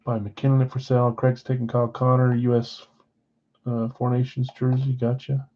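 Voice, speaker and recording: A man's voice: medium pitch, monotone, normal speed, muffled recording. A man hosting a live sports card break, casually rattling off player names and who got which spot.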